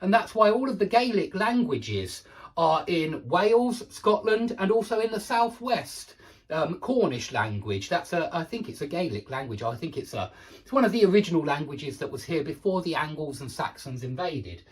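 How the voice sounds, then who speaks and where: A man teaching English vocabulary in a relaxed, explanatory way, repeating and rephrasing each point with small fillers. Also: a little high, moderate pace. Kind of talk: casual explanatory vocabulary lesson.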